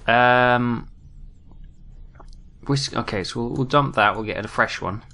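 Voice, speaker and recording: A man's voice: medium pitch, takes it slowly, sharp tone. A British man commentating his own game play, jumpy and muttering to himself with self-mocking asides. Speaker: gaming commentator.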